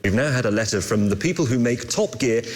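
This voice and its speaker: Man, dry wry TV presenter, lively intonation, long reverb tail. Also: medium pitch, fairly quick, slight background noise. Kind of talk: scripted TV presenting.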